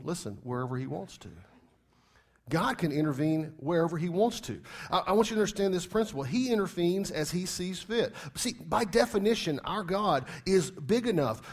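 A pastor with a high-sitting voice preaches emphatically, repeating key phrases and hitting the congregation with one rhetorical question after another.

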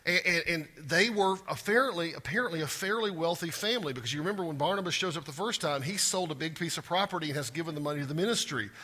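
A man preaching a sermon as pastor, animated, acting out scripture scenes and putting questions to his congregation. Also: a little high, fast talker, few pauses. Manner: animated, acts out scripture quotes with rising intensity; asks the congregation direct questions.

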